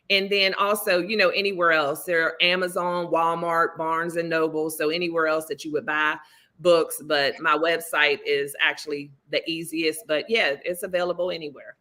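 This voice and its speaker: An earnest woman author and life coach talks on a livestream, sounding motivational and emphatic. Her voice sits low but has a bright, forceful edge. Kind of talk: livestream conversation.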